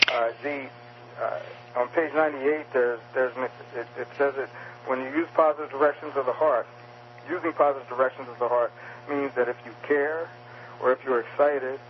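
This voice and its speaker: A man's voice: medium pitch, highs cut off, a little hiss or hum. A male author interviewed about his book, speaking with frequent fillers and restarts. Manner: hesitant, many fillers and restarts. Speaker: author guest.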